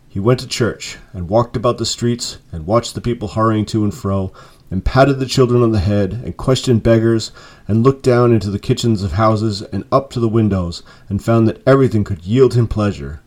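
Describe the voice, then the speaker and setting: A man reading a classic story aloud with measured, expressive storytelling. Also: fairly low pitch. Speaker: narrator.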